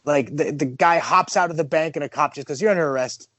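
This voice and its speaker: A man chatting excitedly and amusedly on a casual comic-book podcast. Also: on the high side, fairly quick. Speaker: podcast panelist. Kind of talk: casual chat.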